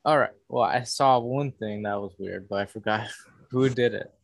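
A man co-hosting a casual movie-review podcast over an online call, dry and contrarian in a deadpan way. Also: lowish voice, moderate pace, vocal fry, no echo. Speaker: podcast co-host.

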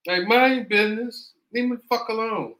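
A man's voice: sits high, brisk, fairly bright tone. Man co-hosting in an echoey room. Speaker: podcast co-host. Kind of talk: casual podcast chat.

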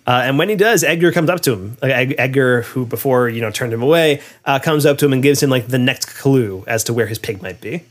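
A man chatting casually about a movie, walking through its plot scene by scene. He talks loosely, leaning on fillers and frequent laughs. His voice sits at an ordinary pitch. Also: brisk, few pauses. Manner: rambling, filler-heavy, laughs often. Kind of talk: casual chat retelling a film plot.

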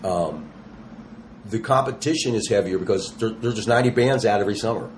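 A man in his sixties, a touring rock musician, telling stories in a casual interview and acting out the quotes in a slangy, animated way. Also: fairly low pitch, brisk, a little hiss or hum. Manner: animated, slangy storyteller who acts out quotes.

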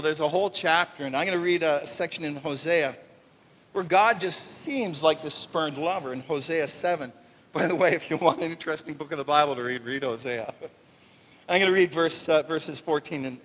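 Casting: male pastor, high voice, animated and joking, sermon in a reverberant church. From Canada. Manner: animated, jokey, acts out little voices. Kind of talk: conversational sermon. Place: church sanctuary. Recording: long reverb of a church hall.

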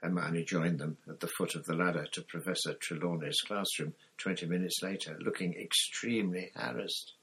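Low-voiced man reading a storybook. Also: fairly even intonation, moderate pace, hardly any pauses, fairly bright tone, breathy edge. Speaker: reader. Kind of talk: storybook narration.

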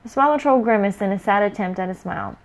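A woman reading a first-person fantasy adventure story aloud in a lively, playful way. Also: mid-range voice, quick pace.

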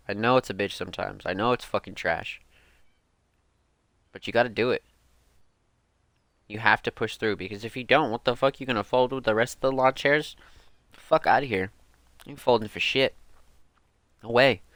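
A young man with a lowish, slightly bright, smooth voice hosts a music podcast, ranting heatedly but casually. His speech is profane and slangy, packed with "like" and "bro," captured in a dry recording.

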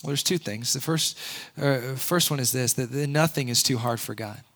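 Bright-voiced earnest male preacher. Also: mid-range voice, normal speed. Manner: conversational, earnest, with sudden loud emphatic peaks. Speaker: pastor. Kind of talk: sermon.

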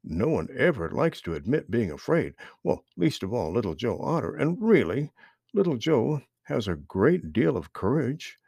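A man reading a children's storybook aloud in an expressive, animated way. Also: medium pitch, moderate pace, creaky, husky, no echo, clean studio sound.

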